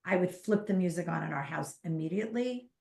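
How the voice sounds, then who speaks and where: A woman in her fifties chatting as a parenting coach, with a gravelly edge in her voice. She talks animatedly and leans hard on her points. The sound is roomy and echoey. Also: lowish voice, fairly quick. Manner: animated, emphatic, acts out parents and kids in quotes. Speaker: ADHD parenting coach, podcast guest. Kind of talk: casual interview chat. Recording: echoey room.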